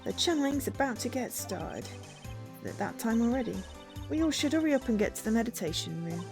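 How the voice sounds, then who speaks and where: A woman voicing a brash, loud woman photographer in a put-on South London accent, reading game dialogue aloud with voices. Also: on the high side, expressive, brisk, over music. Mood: brassy, pushy.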